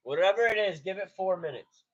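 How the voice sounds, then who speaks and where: A man's voice: high-pitched, animated, fairly quick, a bit bright. A man hosting a casual live reaction stream, laid-back and greeting his chatters by name. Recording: dull lo-fi stream audio.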